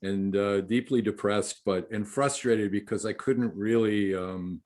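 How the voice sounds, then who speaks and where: A man, a film director, answering interview questions in a halting, heartfelt way with many restarts. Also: fairly low pitch, fairly even intonation, darkish tone.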